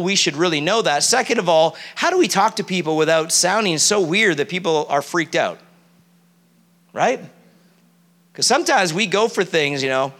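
High, bright-voiced male preacher. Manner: animated, quizzes the audience. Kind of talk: sermon to a live congregation. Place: church.

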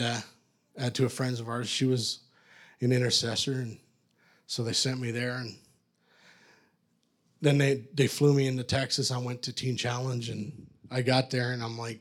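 A man's voice: mid-range voice, fairly even intonation, fairly quick. A man telling his own testimony from the pulpit as a preacher, a rambling, self-mocking storyteller who is from Canada.

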